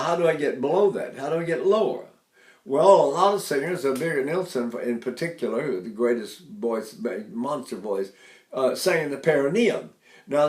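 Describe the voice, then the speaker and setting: Older man teaching singing, lively pitch. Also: roomy sound. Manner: animated teaching, breaks into sung la phrases and sighs. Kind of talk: singing lesson with sung demonstrations.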